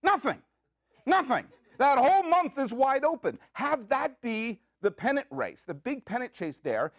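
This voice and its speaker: Excitable high-voiced man hosting a podcast. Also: creaky, no room sound. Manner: excitable, jokey, rambling with quick asides. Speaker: podcast host. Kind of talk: comic solo podcast monologue. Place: community media studio.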